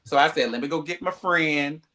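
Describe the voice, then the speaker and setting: Man, reality-show cast member, lively storyteller, bright tense tone. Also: on the high side, a little fast. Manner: animated, acts out quoted dialogue, profane. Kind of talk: animated storytelling.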